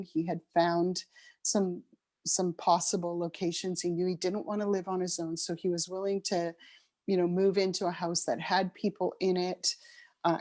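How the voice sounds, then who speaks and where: A middle-aged woman, an interview guest, telling a personal story in a reflective, unhurried way, with frequent ums and restarts. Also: lowish voice, mellow. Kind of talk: conversational storytelling.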